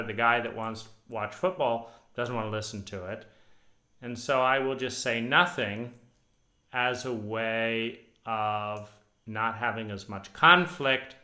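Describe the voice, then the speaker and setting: A man's voice: mid-range voice, bright, forceful tone. A male therapist giving a sardonic monologue, acting out weary inner voices. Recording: roomy echo.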